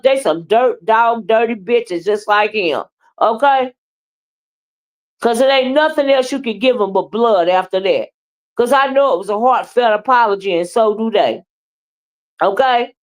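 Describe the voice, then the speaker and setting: A woman doing livestream commentary, blunt, profane and animated as she trash-talks and chats with viewers. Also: fairly high pitch. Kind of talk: live commentary and chat with viewers.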